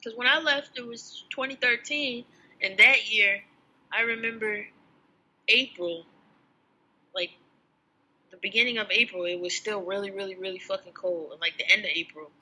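A podcast co-host chatting casually, with a very bright, sharp-edged voice. The delivery stays relaxed as stories unfold. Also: medium pitch, normal speed, pauses often, low-quality recording. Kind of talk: casual chat.

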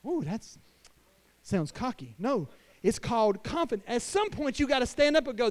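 A man pastor preaching a sermon to fathers, emphatic, swinging between hushed lines and loud declarations. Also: very high-pitched, sing-song, moderate pace. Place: church.

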